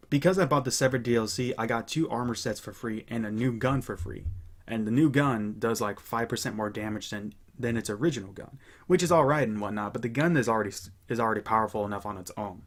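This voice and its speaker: Rambling young man chatting casually. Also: mid-range voice. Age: young adult. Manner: rambling, relaxed, many fillers and restarts. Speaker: gaming channel host. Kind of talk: casual chat.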